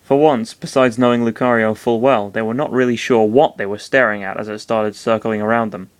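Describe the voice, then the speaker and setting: A man's voice: fairly low pitch, fairly even intonation, a little fast, clear, resonant tone, dry recording. A young man reading a fan fiction aloud, casual and breaking off to swear and apologize. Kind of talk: comedic dramatic reading.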